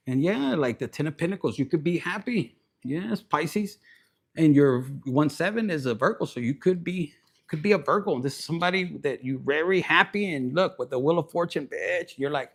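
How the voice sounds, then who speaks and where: A man's voice: high-pitched, vocal fry, fairly bright tone. A man giving a raunchy, joking live tarot reading, slipping in Spanish. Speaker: tarot reader.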